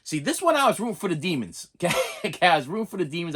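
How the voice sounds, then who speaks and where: A man's voice: a little high, very animated, fast talker, hardly any pauses, a bit bright, husky. A man casually reviewing horror movies on a vlog, rambling with many restarts and repeats, laughing often and checking in with "okay?".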